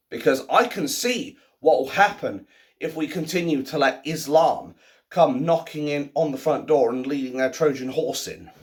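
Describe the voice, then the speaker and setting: A man in his thirties talking at home in a casual ranting monologue, swinging between low muttering and loud outbursts. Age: 30s. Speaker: vlogger. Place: at home, by the sink.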